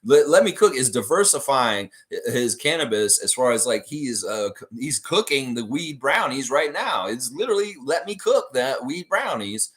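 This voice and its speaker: A man's voice: mid-range voice, sing-song, normal speed, few pauses, fairly bright tone. A Canadian man hosting a casual live stream, reading out viewer comments and rambling with many fillers and self-corrections. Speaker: podcast host.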